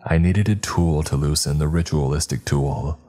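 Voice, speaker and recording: A man narrating a horror story in a measured, dramatic storytelling manner. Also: very deep voice, warm tone.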